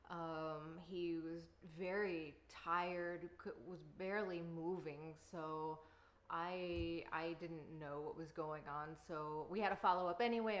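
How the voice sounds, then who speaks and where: Thirtysomething mom rambling on while she bakes, kitchen vlog, lots of ums. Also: fairly low pitch. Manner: chatty, rambling with fillers. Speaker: vlogger and mother. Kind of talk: casual chat while baking. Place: home kitchen.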